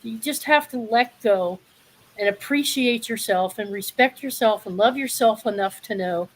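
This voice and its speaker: A woman's voice: on the high side, normal speed, slight background noise. A woman in her sixties speaking bluntly and passionately in a candid live discussion. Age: 60s. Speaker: panel guest.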